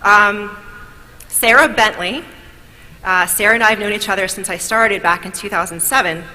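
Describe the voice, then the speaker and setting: A woman from New York gives an upbeat speech of thanks at an awards event. Her voice is bright and a little lower than most. A long hall reverb trails her words, with faint noise underneath. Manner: grateful, upbeat, storytelling. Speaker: award speaker.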